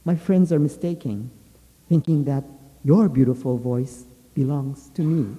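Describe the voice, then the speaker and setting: A man's voice: mid-range voice, a little slow, warm tone, close to an everyday voice. A man voicing a shy, ashamed young male bluebird in a plaintive, anxious tone, with a long hall reverb. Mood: tearful.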